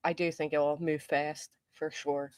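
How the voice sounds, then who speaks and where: Middle-aged lady live-streaming, lowish voice, talks fast n loud, dry close mic. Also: level tone, no echo. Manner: fast and loud, greeting chatters by name. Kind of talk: casual live chat, reading comments.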